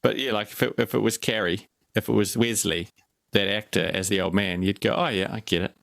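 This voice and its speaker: A man's voice: lowish voice, steady tone, brisk, vocal fry, a bit bright, no echo, clean studio sound. A man co-hosting a casual film review chat, rambling and jokey, often breaking off mid-sentence. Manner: rambling, jokey, self-interrupting. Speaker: podcast co-host.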